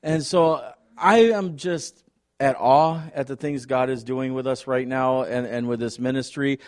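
A middle-aged man speaking as a visiting ministry leader at a church, telling stories in an excited, rambling way. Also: medium pitch, measured pace. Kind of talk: testimony talk to a congregation.

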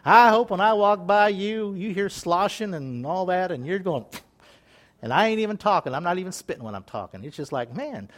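A pastor delivers a sermon in a high, expressive voice at a slightly fast clip. He's folksy and joking, reading scripture aloud between comments and laughing at his own asides.

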